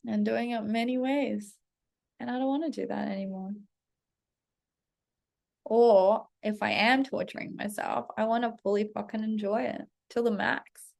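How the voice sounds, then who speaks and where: Speaking casually to her followers, a self-development coach tells a story with heavy swearing and animated self-talk, staying candid throughout. She has a little high, gravelly voice with fry and keeps a moderate pace.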